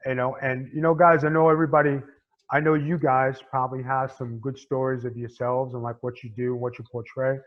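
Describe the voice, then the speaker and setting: A man's voice: mid-range voice, flat delivery, brisk. A blunt, streetwise middle-aged man from Staten Island, talking in a thick New York accent. He leans on "you know" constantly and tells his stories straight. The recording is a little dull and lo-fi. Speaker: guest, former pro wrestler. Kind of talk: casual interview chat.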